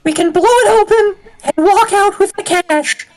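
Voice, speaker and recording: A streamer voicing a brash, reckless demon student in a much higher voice, shouting gleefully while reading game dialogue aloud with friends. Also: measured pace, faint music behind. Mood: manic. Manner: shouty, gleeful, over the top.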